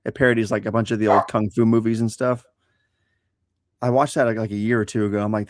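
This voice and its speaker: A man co-hosting a live-streamed podcast, giving laid-back, measured opinions in casual chat. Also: on the low side, level tone, dry recording, clean studio sound. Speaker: podcast co-host.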